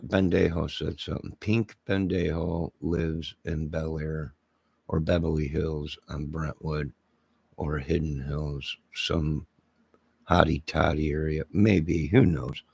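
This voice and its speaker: A man rambles through a casual livestream chat, joking and answering viewers. His voice is deep, gravelly and husky, and he speaks slowly. The sound is dry and close. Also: no room sound. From Illinois, near Chicago. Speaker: livestream host chatting with viewers.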